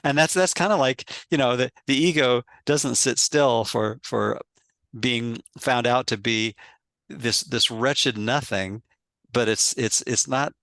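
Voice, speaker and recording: Deep-ish gravelly guy thinking out loud in a spiritual chat, stumbles over words, dry sound. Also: no echo. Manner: halting, repeats words while searching for phrasing. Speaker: host and author. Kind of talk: reflective conversational chat.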